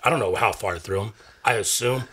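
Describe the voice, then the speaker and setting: A man hosting a podcast, telling loud, rowdy stories in casual chat, laughing and swearing often. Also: on the low side, fast talker, slightly rough. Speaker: podcast host.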